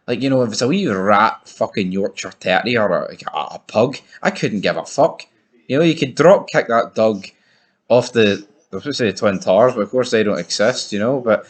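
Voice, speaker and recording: A young Scottish man reviewing a film in a casual, sweary, animated way, joking about being a hard man. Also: on the low side. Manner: sweary, animated, mock-macho. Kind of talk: casual movie review rant.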